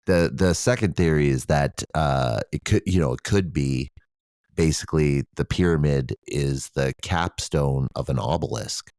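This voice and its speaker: A man's voice: a bass voice, unhurried, darkish tone, dry recording, studio quality. A man co-hosting a podcast, talking casually in a rambling way with frequent swearing and fillers. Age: adult with children. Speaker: podcast co-host. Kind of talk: casual conversation.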